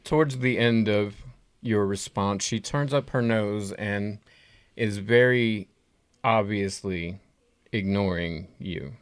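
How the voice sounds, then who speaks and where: A man narrating a tabletop game as game master, in a measured, descriptive way. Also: fairly low pitch, clear, resonant tone, no room sound, clean studio sound.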